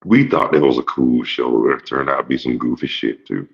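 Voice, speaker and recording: Gravelly, very deep man in his fifties. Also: moderate pace. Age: 50s. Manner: rambling, profane, jokey storytelling. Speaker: show host. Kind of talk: casual monologue. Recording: dull lo-fi recording.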